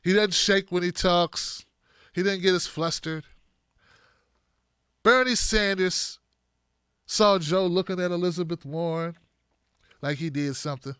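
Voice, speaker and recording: A man's voice: high voice, measured pace, long pauses, fairly bright tone, clean tone, dry recording, studio quality. A man hosting a comedic political commentary, riffing animatedly with exaggerated jokes.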